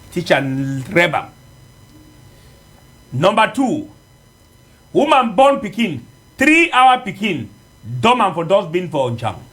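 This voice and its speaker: A man with a Cameroonian Pidgin English accent, hosting radio news and a phone-in show in a lively, chatty way. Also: high-pitched. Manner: lively, chatty presenting with fillers. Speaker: news presenter and call-in host.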